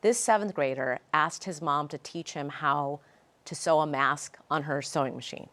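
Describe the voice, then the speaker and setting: A woman's voice: low-pitched, normal speed, a bit bright. A middle-aged woman author talking earnestly and animatedly in an interview, telling stories with feeling. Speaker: author guest. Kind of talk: casual interview chat.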